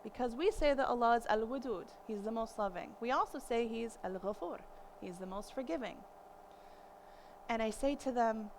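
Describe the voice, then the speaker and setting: A woman's voice: fairly high pitch, moderate pace, a little hiss or hum, poor audio. A woman in her thirties giving a conversational lecture on parenting, telling stories animatedly and acting out the voices of people she quotes. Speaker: parenting course teacher.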